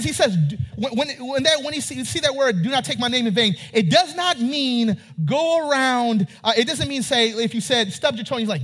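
High-voiced husky male preacher. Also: lively intonation, normal speed, few pauses. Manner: preaching, rising to near-shouting, quizzing the congregation. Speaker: pastor. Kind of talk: sermon.

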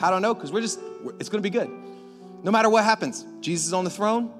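A man preaching a sermon as pastor, energetic, climbing at times to near shouts. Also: high voice, brisk. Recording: echoey hall with faint music.

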